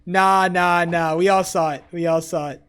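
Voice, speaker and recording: A young man live-streaming, loudly trash-talking and swearing as he banters with his chat. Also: sits high, steady tone, normal speed, clean tone. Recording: faint music behind the voice.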